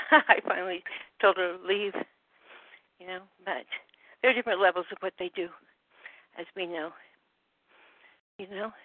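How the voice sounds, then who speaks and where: A woman on a group phone call, slightly out of breath, talking in a halting way that trails off with many fillers. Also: lowish voice, fairly even intonation, no echo. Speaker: call participant. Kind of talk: rambling phone call chat. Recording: dry phone-line audio.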